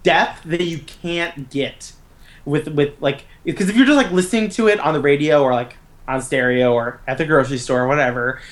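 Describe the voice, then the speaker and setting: A woman's voice: low voice, normal speed. A woman co-host chatting on a podcast about music and TV. She talks enthusiastically, restarting her sentences as she goes. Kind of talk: casual chat.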